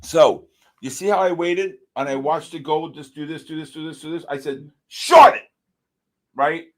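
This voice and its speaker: A man hosting a live futures trading stream, giving excited, exclamatory market commentary and calling out viewers by name. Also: a little high, normal speed. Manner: animated, exclamatory, talks to chat by name. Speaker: livestream trading host.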